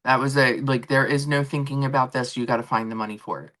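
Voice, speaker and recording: A woman's voice: extremely low pitch, steady tone, fast talker, a bit bright. A woman hosting a casual stream from home, chatting and telling everyday stories with acted-out quotes. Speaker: streamer host. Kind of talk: casual chat. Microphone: laptop and phone setup.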